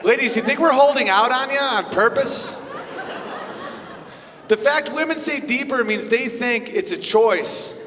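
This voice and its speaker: A man performing a stand-up comedy set, brash and profane, slipping into quick character voices. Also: very high voice, bright, forceful tone, a little hiss or hum. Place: comedy venue with live audience. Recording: long reverb of a hall.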